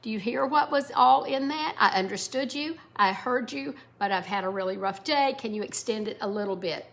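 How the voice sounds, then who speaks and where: A woman's voice: a little high, moderate pace, creaky, a bit bright. Woman doing a tired teenage boy. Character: irritated teenage boy asking to delay a chore.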